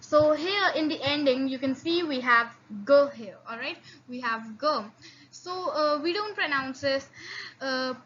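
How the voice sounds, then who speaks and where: A woman teaching an online lesson in a high, bright voice. She talks slowly and haltingly, repeats herself, and drills sounds one at a time. The recording sounds a little dull, with faint hiss behind her. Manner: halting, many fillers and repeats; slow drilled repetitions of sounds. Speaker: language teacher. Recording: slightly dull lo-fi audio with faint noise.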